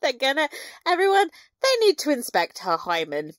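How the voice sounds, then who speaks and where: A woman talks through a TV episode for her podcast, her pitch jumping around as she laughs and throws in asides. The sound is dry and close. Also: normal speed, no echo. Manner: animated, laughing recap with asides. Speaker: podcast co-host. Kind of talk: casual recap chat.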